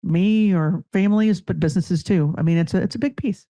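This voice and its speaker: High-pitched mellow-voiced male host. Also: brisk. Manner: brief encouraging interjections. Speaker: podcast host. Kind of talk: casual interview chat.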